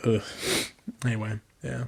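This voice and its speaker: A man's voice: fairly low pitch, flat delivery, measured pace, gravelly, warm tone. A young man co-hosting a podcast, telling a rambling story in casual chat, full of "like" and swearing. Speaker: podcast co-host.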